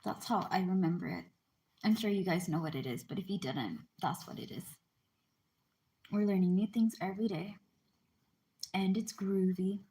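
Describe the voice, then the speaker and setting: A woman with a warm, mellow voice reads aloud from a book at an easy pace. She keeps the tone informal and chatty, breaking in with her own explanations and small apologies. Her pitch sits in an ordinary middle range. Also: normal speed, long pauses. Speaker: channel host reading a book aloud. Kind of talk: casual read-aloud with chatty asides.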